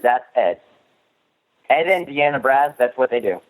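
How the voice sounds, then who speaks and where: A man's voice: medium pitch, animated, unhurried. A man calling into a podcast, chatting casually and giving blunt, emphatic opinions. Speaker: caller. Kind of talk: casual call-in chat. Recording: tinny phone line.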